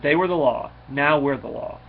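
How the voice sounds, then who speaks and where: A man casually recapping a comic book issue in a rambling, halting way, with many fillers and restarts. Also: medium pitch, gravelly. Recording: slightly dull recording with faint noise.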